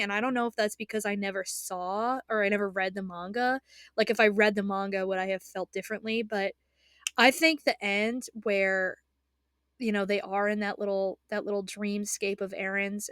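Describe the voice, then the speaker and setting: A woman's voice: mid-range voice, normal speed, smooth, no room sound, studio quality. A young woman ranting in a casual vlog as an anime fan, rambling and emotional, with frequent restarts and swearing. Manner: excitable, emotional. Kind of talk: casual spoken rant.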